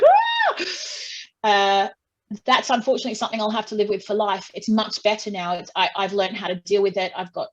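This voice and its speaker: A woman's voice: medium pitch, muffled recording. A woman singer in an interview, talking casually and at length, often restarting phrases and acting out what people said. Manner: chatty, restarts often, acts out quotes.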